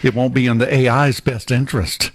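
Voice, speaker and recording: A man chatting on a radio show with joking, animated banter, hiccuping now and then. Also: mid-range voice, fairly quick. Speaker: regular radio guest. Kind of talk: casual radio chat.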